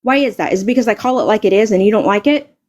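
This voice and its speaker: A woman's voice: medium pitch, rapid-fire, a little mellow. A woman live streamer delivering an angry, confrontational rant, stammering and repeating words and swearing heavily.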